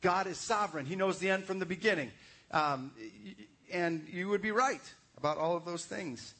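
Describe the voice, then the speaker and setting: A pastor preaching a sermon in a conversational way, asking the congregation questions. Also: male voice, high-pitched, animated, normal speed, a bit bright, husky.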